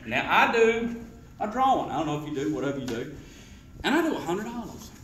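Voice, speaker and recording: A high-pitched man coaches a room full of salespeople, firing questions at the crowd and acting out pitches. His voice rings around a roomy hall over faint background noise. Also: a little fast, far from the mic. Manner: animated, quizzes the audience, acts out sales pitches. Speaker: sales trainer. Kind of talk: sales rally talk to a live audience.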